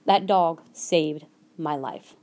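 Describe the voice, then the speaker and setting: A woman's voice: sits low, slow, darkish tone. Earnest woman telling a podcast story. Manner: earnest, acts out quoted voices. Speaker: podcast host. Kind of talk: casual storytelling monologue.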